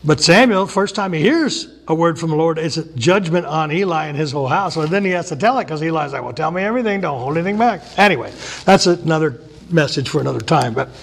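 Folksy, higher-voiced man preaching a sermon. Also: fairly bright tone. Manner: casual and folksy, acts out biblical characters in quick voices. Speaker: pastor.

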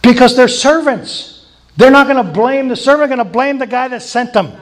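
Male preacher, high voice, casual sermon style with laughing asides and repeated emphasis. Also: normal speed. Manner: conversational, chuckling asides, emphatic repetition. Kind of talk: informal sermon teaching.

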